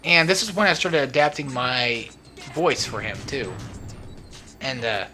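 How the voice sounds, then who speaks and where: A man's voice: medium pitch, animated, a little slow, music in the background. A young man giving casual, rambling gaming commentary at home, joking and laughing as he drifts off topic. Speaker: let's play host. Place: at home, not alone.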